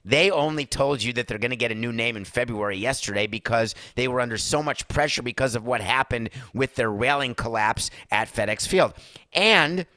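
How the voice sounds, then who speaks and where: A man's voice: medium pitch, moderate pace, sharp tone, no echo, clean studio sound. A man hosting a sports talk podcast, ranting emphatically with sarcastic asides. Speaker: host.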